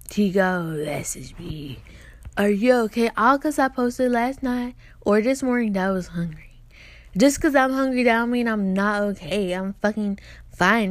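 A woman's voice: medium pitch, dry recording. Profane ranting young woman. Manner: profane, blunt, animated ranting. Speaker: podcast host. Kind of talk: casual venting monologue.

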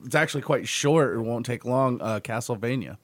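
A man on a podcast casually offers laid-back recommendations. His voice sits at a middle pitch. The recording is dry and close. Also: a little fast, no echo. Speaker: podcast co-host. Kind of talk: casual chat.

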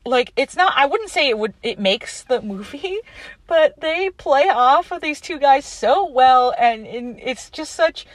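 A young adult woman casually recapping a movie scene by scene, in a chatty, animated way with plenty of fillers. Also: high-pitched, unhurried, dry recording.

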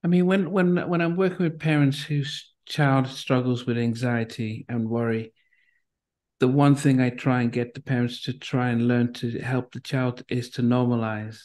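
An interview host who works with parents of anxious children. The host listens with soft "mm" and "yeah" sounds and laughs along, then explains points in a steady, mid-pitched voice. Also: normal speed. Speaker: host and child anxiety counselor.

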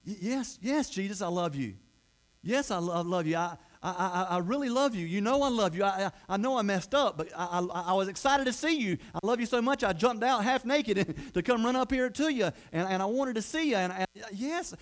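A man's voice: high-pitched, animated, normal speed. A preacher voicing an impulsive, earnest fisherman disciple who stammers and pleads as he tells the story. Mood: eager pleading. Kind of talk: sermon retelling.

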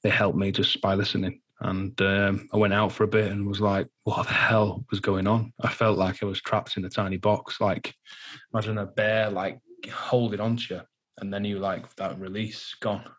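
A man giving a personal interview testimony in a halting, earnest way, full of fillers and restarts, sounding nervous. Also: fairly low pitch, level tone. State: nervous, anxious while speaking. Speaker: guest.

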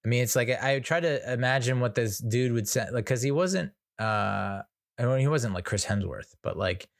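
A man's voice: medium pitch, moderate pace, creaky. An American man hosting a casual solo podcast, telling stories in a chatty, self-mocking way. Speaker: podcast host.

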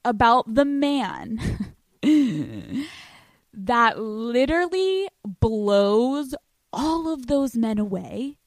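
Young woman podcast host, brash, swears a lot, laughs often, higher voice, dry studio sound. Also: darkish tone, no room sound. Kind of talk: solo podcast monologue.

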